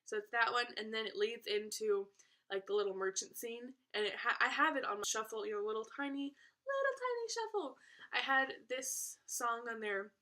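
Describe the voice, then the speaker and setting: Teenage girl, vlogger, casual chat, playful asides, bright tone. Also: on the high side, fairly even intonation, normal speed. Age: teens. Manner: chatty, playful, self-aware asides.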